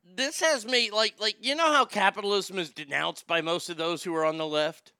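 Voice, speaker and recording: A man's voice: high voice, normal speed, bright, forceful tone, clean tone, no echo, studio quality. A man hosting a live show, ranting about politics in a heated, sarcastic and profane way, often stammering and restarting when worked up.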